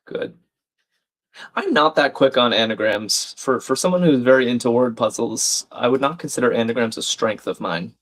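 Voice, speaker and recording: A man's voice: mid-range voice, normal speed, fairly bright tone. A man hosting a live crossword stream, thinking aloud, reading out viewers' chat comments and laughing often.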